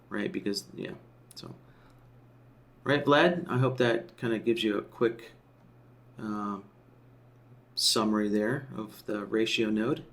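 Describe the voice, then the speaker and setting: A man teaching a software tool in a screen-share tutorial, explaining step by step and often checking in with "right?" while he thinks aloud. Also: on the low side, slow pace, long pauses. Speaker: software trainer.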